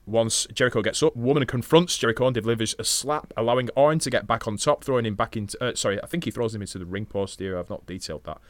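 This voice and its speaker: A man's voice: mid-range voice, fast talker, hardly any pauses, no echo. A man co-hosting a podcast, swearing casually and recapping a wrestling match from notes between chatty asides. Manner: profane, chatty, laughs often, reads play-by-play notes. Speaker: podcast co-host.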